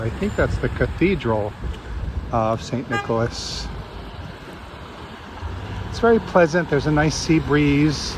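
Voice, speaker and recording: A man vlogging casually while walking outdoors along a city promenade, thinking aloud as he goes. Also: medium pitch. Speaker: travel vlogger. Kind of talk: casual walking travel vlog. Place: outdoors on a city seaside street. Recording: outdoor street noise and traffic.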